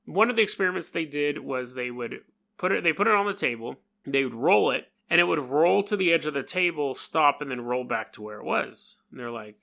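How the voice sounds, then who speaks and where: A man's voice: a little high, a little fast, vocal fry, sharp tone. A man with a New York accent hosting a podcast, telling a story in a rambling, jokey way and imitating sounds. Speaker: podcast host. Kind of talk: casual storytelling monologue.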